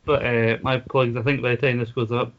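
A man talking on a casual podcast, steady and leaning heavily on "like". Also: mid-range voice, fairly quick, dull audio, slight background noise. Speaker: podcast guest and fellow host. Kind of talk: casual podcast review chat.

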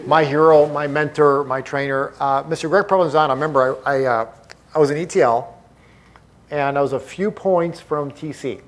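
Emphatic, slightly high-voiced male motivational speaker. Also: normal speed. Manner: emphatic, repetitive, punchy. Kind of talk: live motivational talk to an audience.

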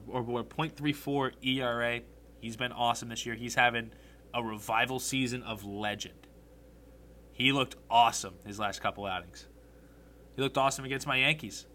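A young man hosting a solo sports podcast, animated and blunt, swearing freely as he rants about his team. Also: medium pitch, normal speed, slight background noise.

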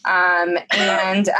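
A woman in casual podcast chat, talkative and profane, often acting out characters in quick asides. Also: medium pitch, fairly bright tone, a little hiss or hum, poor audio. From Arkansas, US. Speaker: podcast co-host.

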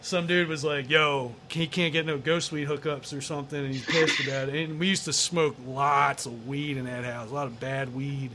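A man's voice: medium pitch, fairly even intonation, normal speed, few pauses, crowd noise. A man as an interview guest, telling a story casually in a rambling way, with many fillers and some swearing.

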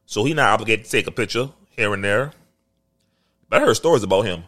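Man, podcast co-host, quick speech, casual profane chat, animated storyteller. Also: fairly low pitch.

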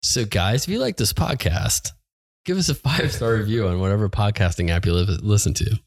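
A man co-hosting a podcast, chatting casually in a relaxed, joking and teasing way. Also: lowish voice, fairly quick, breathy edge. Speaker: podcast co-host. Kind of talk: casual chat.

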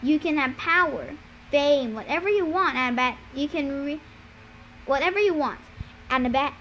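A man's voice: very high-pitched, moderate pace, sharp tone, lo-fi sound, a little hiss or hum. A woman voicing a scheming young male villain who speaks in a coaxing, persuasive way.

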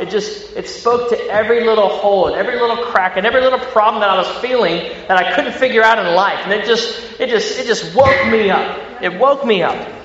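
Late-30s male preacher, Ohio country accent, high and bright, echoing in a big hall. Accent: Ohio country American. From Ohio, US Midwest. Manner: energetic, repeats words, frequent fillers. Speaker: pastor. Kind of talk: sermon. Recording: echoey hall, dull sound.

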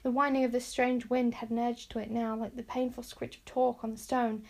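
A woman's voice: on the high side, brisk. Woman reading a storybook aloud. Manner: expressive, clearly paced reading. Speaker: audiobook reader. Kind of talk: storybook read-aloud narration.

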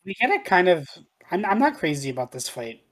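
A speaker chatting casually about a film, relaxed, often stammering at the start of a phrase. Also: mid-range voice, a little fast. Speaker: film discussion co-host. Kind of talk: casual chat.

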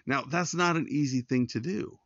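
A man's voice: medium pitch, moderate pace, fairly bright tone, no echo, lo-fi sound. A man hosting a devotional podcast, giving earnest, conversational Bible teaching straight to his listeners. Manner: earnest, pastoral, addresses listeners directly.

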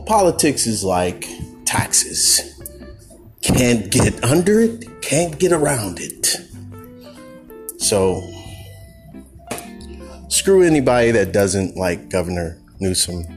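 Male podcast host, deep-ish voice, unhurried, animated rambling monologue. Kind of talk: casual monologue.

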